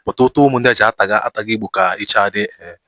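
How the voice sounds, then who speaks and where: A man giving a casual spoken intro, talking rapidly in Igbo with English words mixed in. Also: on the low side, pushed and bright, no echo.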